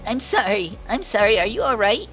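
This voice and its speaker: A man's voice: sits high, big pitch swings, fairly quick, a bit bright, faint music behind, voice pushed up. A man putting on a raised, girlish voice for a giggly, bold young woman athlete in a game. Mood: playful.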